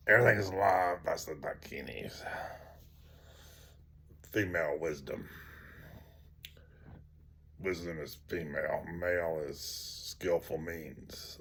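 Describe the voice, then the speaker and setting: A man's voice: very deep voice, bright, forceful tone, breathy edge. A man teaching by telling a story in a rambling way with many fillers, sometimes dropping to a near-whisper. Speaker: teacher of tantric practice.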